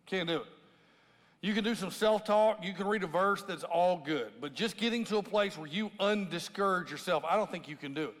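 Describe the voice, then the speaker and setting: A man's voice: high-pitched, a little fast, a bit bright. A man, a lead pastor, preaching a sermon in a conversational way, often asking "right?" and acting out scripture in a raised voice. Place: large church auditorium with a congregation. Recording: long hall reverb from a large room.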